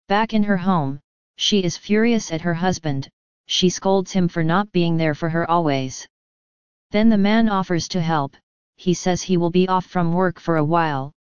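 Woman storyteller, lowish and very clear, even matter-of-fact read, dry slightly dull sound. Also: no room sound. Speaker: narrator. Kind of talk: scripted story narration.

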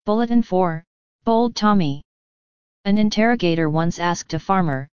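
A woman reading a scripted story in an even, measured way. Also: fairly low pitch, smooth, dry recording, dull audio. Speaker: narrator.

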